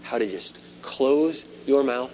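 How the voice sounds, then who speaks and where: A middle-aged pastor preaches with lively swings, punching some words loud and dropping others to near a murmur. The recording is a dull, lo-fi sermon tape with a faint hum underneath. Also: male voice, medium pitch, slow pace. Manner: animated preaching, shifts between loud emphasis and quiet asides.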